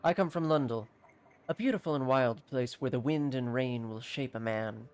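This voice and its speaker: A streamer reading aloud the lines of a solemn exiled male court alchemist from a video game, in a measured and formal way. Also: mid-range voice, smooth, close to an everyday voice.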